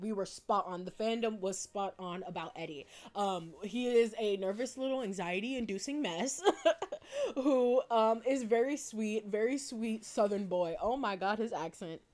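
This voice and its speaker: A woman's voice: medium pitch, a little mellow. Giggly woman talking fan theories. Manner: bubbly, giggly, lots of fillers. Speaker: video essayist. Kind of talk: casual fan commentary.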